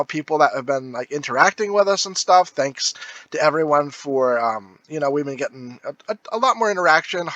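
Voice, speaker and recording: Lively bright-voiced man on a podcast. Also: a little high, no room sound. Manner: rambling, laughs often, lots of fillers. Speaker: podcast co-host. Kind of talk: casual podcast chat.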